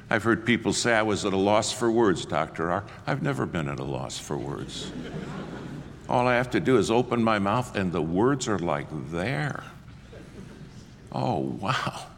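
A man's voice: deep voice, slight background noise. A male preacher, telling self-mocking, punchy stories in a sermon. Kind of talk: humorous storytelling sermon. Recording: long hall reverb, faint ambience.

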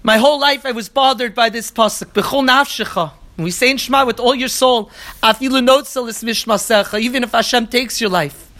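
An earnest teacher leads an evening Talmud class in a middle-pitched voice. Each passage is quoted in the original and then translated piece by piece, with restated phrases stacking up. Now and then the speaker pauses on a hesitant filler while searching for the right word. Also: bright, forceful tone. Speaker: Torah teacher.

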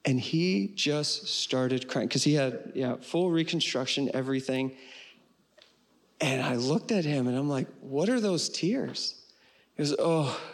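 A man preaching from the pulpit in a fairly high voice. He speaks earnestly, slowing on the words he wants to land, and moves into a quiet call to prayer. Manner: earnest, slows for emphasis and ends with prayer. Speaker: pastor. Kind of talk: sermon.

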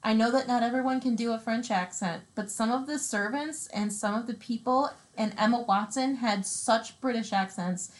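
A woman with a slightly high voice talks casually, sharing firm opinions. She thinks out loud, restarts sentences and lets thoughts trail off. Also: normal speed, few pauses. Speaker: co-host discussing a film. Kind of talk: casual chat.

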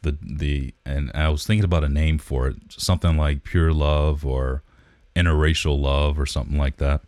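A podcast co-host with an extremely low, steady, slightly mellow voice chats at a normal speed. His talk is laid-back and rambling, packed with fillers, and he's recorded close to the mic with no echo.

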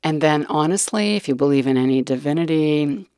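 A woman's voice: sits low, fairly quick, warm tone, smooth, no echo, studio quality. A middle-aged woman, a nurse educator, telling a personal story candidly and earnestly, dropping to whispered asides.

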